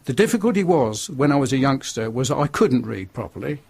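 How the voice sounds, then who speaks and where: A man's voice: mid-range voice, big pitch swings, fairly quick, gravelly, darkish tone, husky. An older man with a Northern English accent, a radio guest giving a blunt, chatty testimony that turns preachy. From northern England.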